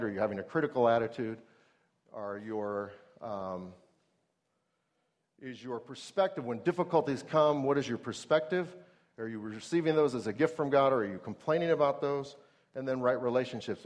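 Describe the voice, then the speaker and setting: A man's voice: medium pitch, expressive, normal speed. A middle-aged man preaching a sermon in a conversational way, asking the audience questions and acting out everyday scenes.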